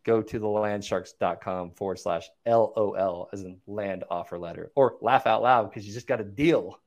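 A man's voice: on the low side, moderate pace. A man, a land investor, chatting as a podcast guest, walking through numbers and acting out angry callers. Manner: animated storyteller, acts out callers' voices. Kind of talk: casual podcast interview.

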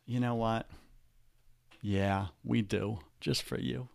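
A man with a New York accent, a coach and podcast guest, pitching his offers energetically and spelling out web addresses slowly. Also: fairly even intonation, gravelly, no echo. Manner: pushy, repeats web addresses slowly, rallying.

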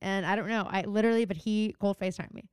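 A woman's voice: mid-range voice, steady tone, quick pace, a little mellow, clean tone, dry recording, clean studio sound. A young adult woman co-hosting a podcast in casual chat, rambling through a story with lots of "like" fillers and frequent laughs. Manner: chatty, heavy on "like" fillers, laughs often. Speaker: podcast co-host.

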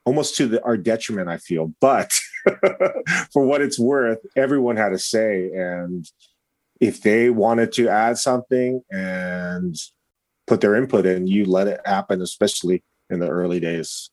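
A man's voice: fairly low pitch, a little slow, darkish tone, no echo. Modest man laughing about his old song. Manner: modest, laughing self-consciously. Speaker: musician guest. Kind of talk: casual interview.

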